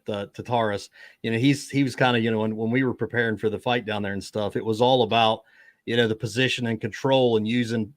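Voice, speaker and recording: A man's voice: mid-range voice, fairly bright tone, dry recording. Casual male host, chatty, fillers, mid voice, dry recording. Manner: easygoing, chatty, lots of "you know". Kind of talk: casual conversation.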